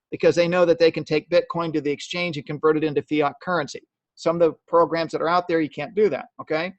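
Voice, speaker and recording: A high-pitched man, a network marketing trainer, leads a live sales training session, emphatic and repetitive, checking in with "okay?" again and again. The sound is dull, lo-fi and dry, with no echo.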